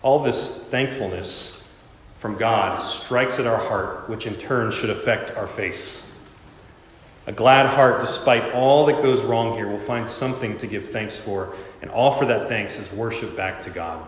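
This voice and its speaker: A man's voice: fairly low pitch, measured pace. Male pastor, sermon, dramatic delivery, reverberant room. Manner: expressive, acts out quoted voices. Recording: echoey church hall.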